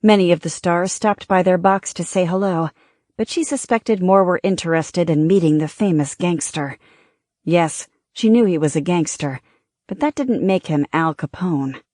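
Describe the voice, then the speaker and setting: A woman narrating an audiobook with a steady, measured delivery. Her voice sits on the low side and the recording is close and completely dry. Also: dry recording.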